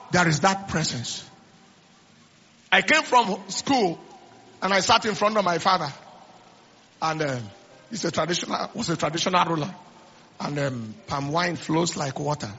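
A middle-aged male pastor preaches in a high, bright, tense voice. His tone is raspy with some fry, and he repeats phrases and restarts words. The recording is slightly dull and lo-fi. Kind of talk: sermon.

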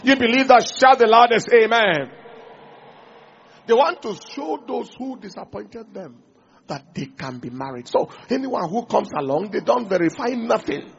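A man preaching a sermon in an animated way, acting out small dialogues and asking the congregation questions. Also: very high voice, moderate pace, vocal fry, highs cut off. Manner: animated, acts out little dialogues, asks the audience questions.

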